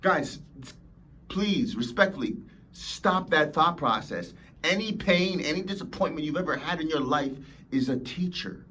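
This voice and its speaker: Emphatic motivational man, raised pitch. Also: lively intonation, unhurried, pushed and bright, slight background noise. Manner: emphatic, preachy, acts out whiny complainers. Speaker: motivational podcast host. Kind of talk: motivational talk.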